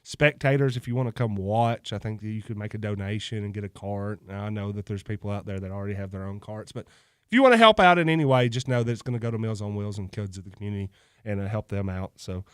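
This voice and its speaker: A man's voice: fairly low pitch, fast, clean tone, no echo. A man hosting a local radio show from the studio. He talks in a loose, joking way and laughs easily between sponsor reads. His voice is close and dry on the studio microphone. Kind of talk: casual on-air chat with sponsor reads.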